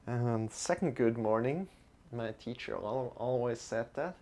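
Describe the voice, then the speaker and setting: A man teaching a yoga and mantra lesson in a gentle, encouraging way, often restarting his words. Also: mid-range voice, lively intonation, unhurried.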